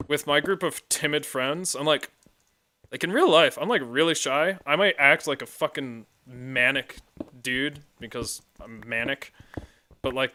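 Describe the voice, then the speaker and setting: A man from the United States streaming a game, chatting casually and telling stories in an excitable way, swearing freely. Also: mid-range voice, a little hiss or hum. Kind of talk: casual commentary while gaming.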